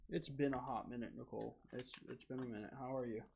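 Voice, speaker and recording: A man's voice: mid-range voice, fairly even intonation, quick pace, creaky, darkish tone, slightly rough. A young man streaming a video game, chatting casually and rambling with lots of fillers and self-deprecating asides. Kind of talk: casual gaming livestream chat.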